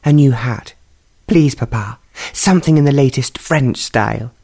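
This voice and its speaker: A man voicing an affectionate, eager young noblewoman in a storybook reading, lifting his voice higher. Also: moderate pace, vocal fry, dark tone, breathy edge. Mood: playful. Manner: lifted pitch, pleading.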